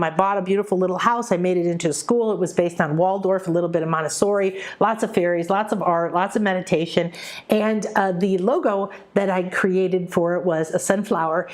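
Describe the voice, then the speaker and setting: A woman with a lowish voice hosts a live spiritual session as a teacher, talking casually to viewers. She's animated, shifting between quick excited bursts and soft, slow stretches.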